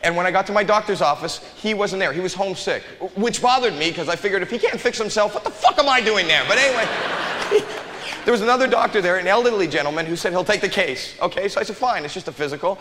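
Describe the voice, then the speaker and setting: A man's voice: high-pitched, animated, fast talker, bright, forceful tone, big-room sound. A man doing stand-up comedy on a stage, telling a long story with stammered repeats and chuckles. An audience laughs behind him. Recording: live club with crowd.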